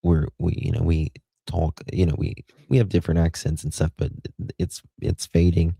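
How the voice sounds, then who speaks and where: A man's voice: low voice, little pitch movement, normal speed, gravelly, dark tone, slightly rough, no echo. A man co-hosting a casual chat, opinionated and rambling, often restarting his sentences.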